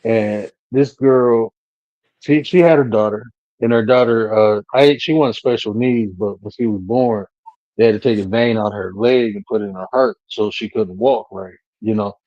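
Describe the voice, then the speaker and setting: A man's voice: lowish voice, moderate pace, a little mellow, no echo, highs cut off. A man telling a profane, slang-heavy story in casual talk on a live panel stream.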